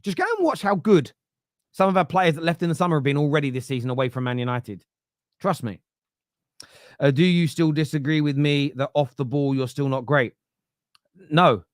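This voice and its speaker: A man's voice: a little high, moderate pace, pauses often, dry recording, clean studio sound. A man hosting a fan football podcast, talking bluntly and with opinion in a casual live-stream style, often starting with "uh" and restarting his sentences. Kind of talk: casual live-stream commentary reading viewer comments.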